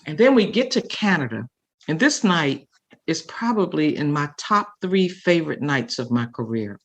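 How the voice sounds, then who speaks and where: An older woman, a guest comedian, telling a story with feeling and acting out other people's words in lively voices. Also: deep voice, normal speed. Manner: animated storyteller acting out quotes. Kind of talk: emotional storytelling.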